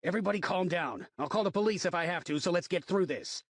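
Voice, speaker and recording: A man voicing a big, authoritative male resident advisor who speaks firmly and commands calm. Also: high voice, fast talker, no room sound, studio quality, pitched above the performer's own voice. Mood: commanding. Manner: firm, commanding.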